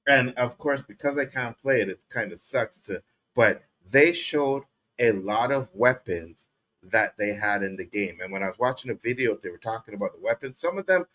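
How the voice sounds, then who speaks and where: Male co-host, bright tone, lively casual recap, slips into quoted lines. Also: mid-range voice. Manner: animated, laughing, acts out character quotes. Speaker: podcast co-host.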